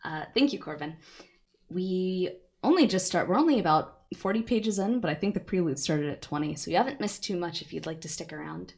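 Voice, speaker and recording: A woman's voice: fairly low pitch, lively intonation, brisk, vocal fry, a little mellow, breathy edge. A woman streamer reading a light novel aloud and chatting with her viewers, laughing often.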